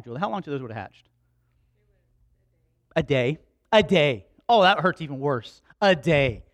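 A man preaching a sermon, telling a story dramatically, acting out the dialogue and shouting for emphasis. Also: on the high side, no echo.

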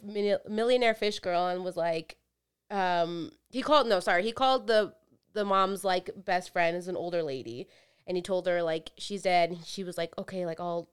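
A woman's voice: mid-range voice, smooth. A woman co-hosting a casual podcast, animatedly retelling drama scenes and acting out the characters' lines. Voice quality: swears casually. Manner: animated retelling, acts out quotes. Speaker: podcast co-host. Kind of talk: casual chat.

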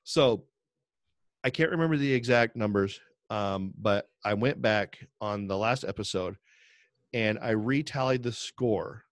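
A man's voice: fairly low pitch, a little slow, dry recording, studio quality. A middle-aged man co-hosting a podcast, telling rambling stories and laughing often. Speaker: podcast co-host. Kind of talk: casual chat.

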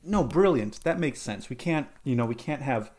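A man co-hosting a comedy podcast, halting and easygoing in casual chat. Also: mid-range voice, animated, a little mellow, a little hiss or hum. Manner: halting, full of fillers and restarts. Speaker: podcast co-host.

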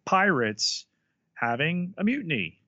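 A man co-hosting a casual podcast, recapping plot points in a measured, dry way. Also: a little high, very animated, pushed and bright. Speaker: podcast co-host. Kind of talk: casual chat recapping an episode. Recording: dull lo-fi mic.

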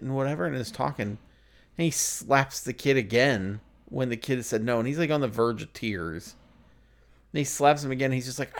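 A man's voice: medium pitch, moderate pace. A man co-hosting a podcast, casually recapping movie scenes with lots of filler words. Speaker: podcast co-host. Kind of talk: casual movie review chat.

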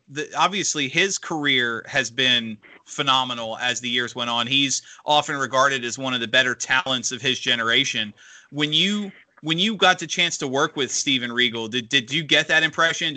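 A man co-hosting a wrestling talk show, asking long, halting questions with many restarts. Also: medium pitch, bright, forceful tone. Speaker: podcast co-host interviewer. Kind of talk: casual interview.

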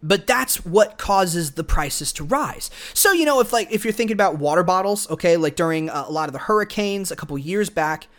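A man's voice: high voice, animated, fairly quick, hardly any pauses, a bit bright. A man hosting a solo podcast, giving opinionated, argumentative commentary straight to the listener. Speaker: podcast host.

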